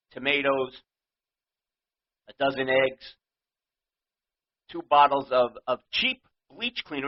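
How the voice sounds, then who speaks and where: A man's voice: a little high, lo-fi sound. Exasperated New York man ranting. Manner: indignant, exasperated, rambling. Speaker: show host. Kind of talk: ranting monologue.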